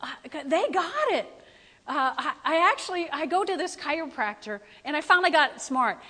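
Woman pastor, high bright voice, animated sermon delivery, long hall reverb. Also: moderate pace. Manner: animated, playful, talks directly to the congregation.

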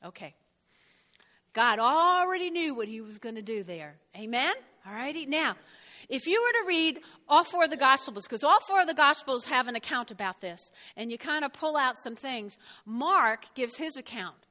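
A woman with a high, expressive voice and a sharp tone reads a Bible passage at normal speed, with a long reverb tail on the recording. A Bible teacher, she explains the text conversationally, often asking "okay?" and acting out the lines she quotes.

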